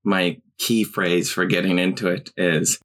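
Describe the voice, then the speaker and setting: Slow, low-voiced male podcast co-host. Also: a bit bright, husky. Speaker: co-host, performer. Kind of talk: casual podcast chat and narration.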